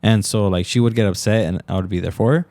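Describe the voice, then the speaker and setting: Earnest low-voiced man, halting and emotional. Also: darkish tone, no room sound. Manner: earnest, halting, heavy on fillers. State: emotional, close to tears. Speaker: podcast guest. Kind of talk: casual interview conversation.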